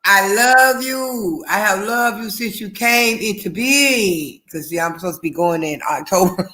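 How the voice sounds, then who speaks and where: A woman's voice: mid-range voice, a little slow, sharp tone. A woman chatting casually on a video call, rambling and laughing easily.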